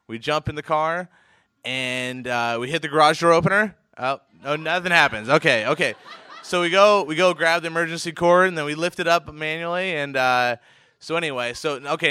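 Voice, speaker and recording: A man from Oregon telling a comic personal anecdote, animated and chuckling, with frequent fillers and restarts. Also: fairly high pitch, smooth, dry recording. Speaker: storyteller, professional poker player.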